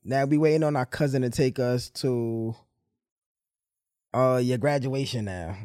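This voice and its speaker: A young podcast host tells a story in a casual, animated way, acting out the dialogue of the people involved. His mid-range voice moves at a measured pace, and the studio-quality recording has no echo.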